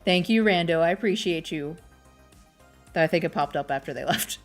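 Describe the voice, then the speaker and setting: A young woman with a fairly low voice chats in a loose, rambling way, cracking jokes at her own expense. Soft music plays faintly behind her. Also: normal speed. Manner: rambling, chatty, self-deprecating. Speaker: streamer. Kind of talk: casual chat while crocheting.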